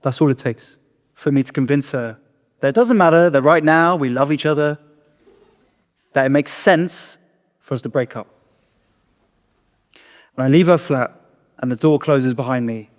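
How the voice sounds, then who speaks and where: A man in his thirties, a stand-up comedian telling a self-deprecating story on stage and acting out his own thoughts. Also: medium pitch. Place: live comedy venue. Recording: long reverb of a performance hall.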